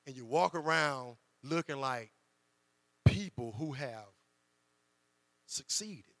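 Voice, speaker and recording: A man preaching, his voice high and gravelly. He talks to the congregation like a friend and acts out quotes. The hall gives a long reverb, and a low mains hum runs underneath. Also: animated, a little slow, long pauses, fairly bright tone. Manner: conversational preaching with dramatized quotes. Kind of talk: sermon.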